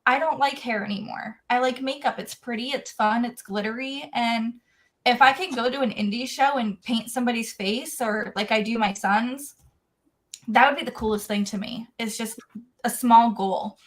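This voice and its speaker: Woman podcast host, somewhat high voice, candid and excitable, swears casually. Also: moderate pace. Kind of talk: casual chat.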